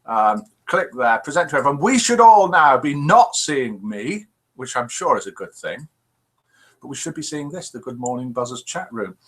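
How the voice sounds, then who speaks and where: Lively, cheeky British male host. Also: moderate pace. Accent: British English. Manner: cheeky, playful joke-telling with wide pitch swings. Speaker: host of a live online show. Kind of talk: chatty live-stream hosting, reading out viewer messages.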